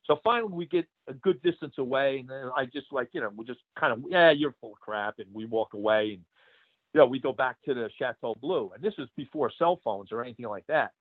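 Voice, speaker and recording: A man's voice: medium pitch, expressive, quick pace, no echo. A man, a retired pro wrestler, telling road stories in a casual interview, rambling with many fillers and laughs. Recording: tinny phone-like line.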